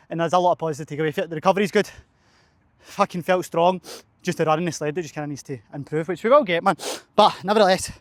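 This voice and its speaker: Fast-talking coach, winded outdoors. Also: male voice, on the high side, dry recording. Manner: sweary, chatty, says man and mate a lot. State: out of breath after running. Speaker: fitness coach. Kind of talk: casual vlog chat. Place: outdoor running track, cold.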